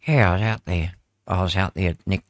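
A New man chats as a radio co-host in a very deep voice. He tells stories in a meandering way, full of restarts. The sound is dry and close. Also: steady tone, no room sound. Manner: meandering storyteller, halting starts. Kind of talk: casual radio banter.

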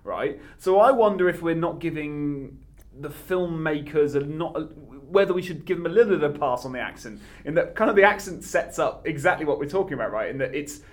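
A man co-hosting a podcast, talking through a film in an animated, argumentative way with frequent restarts. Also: on the high side, brisk. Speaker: podcast co-host. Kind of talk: casual film discussion.

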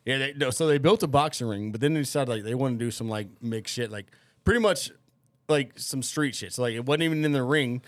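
Young male podcast host, mid pitch, dry close sound, rambling and profane. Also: brisk, no echo. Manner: profane, rambling, full of fillers. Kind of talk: casual storytelling chat.

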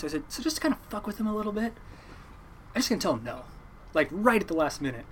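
Fast-talking young fisherman telling a story. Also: sits high, a little hiss or hum. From Oregon coast, US. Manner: animated storyteller, acts out quoted voices. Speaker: guest, commercial fisherman. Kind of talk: casual storytelling interview.

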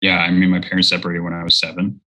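A man's voice: low-pitched, completely flat delivery, racing, sharp tone, low-quality recording. A man in his thirties earnestly telling a personal faith story as an interview guest. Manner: earnest storytelling, acts out quoted voices. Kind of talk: personal testimony in conversation.

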